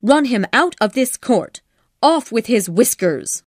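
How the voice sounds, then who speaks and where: Woman voicing a furious fairy-tale queen, yelling orders, higher and loud. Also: animated, unhurried, no room sound, studio quality.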